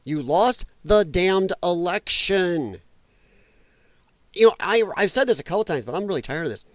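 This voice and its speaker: A man's voice: high-pitched, lively intonation, normal speed, no echo. A man from the United States hosting a livestream, reacting to clips with blunt, profane, sarcastic commentary. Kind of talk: casual ranting commentary.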